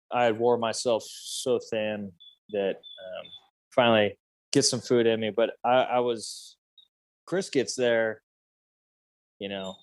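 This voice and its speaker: A man's voice: mid-range voice, clean tone, no room sound. A man in his thirties telling a story as a podcast guest, loose and rambling, full of fillers. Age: 30s. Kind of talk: casual storytelling.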